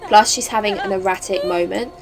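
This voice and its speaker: A woman hosting a game channel, chatting excitably through a let's play with lots of fillers. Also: mid-range voice, a little fast, soft background music. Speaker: gaming channel host. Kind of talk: casual let's play commentary.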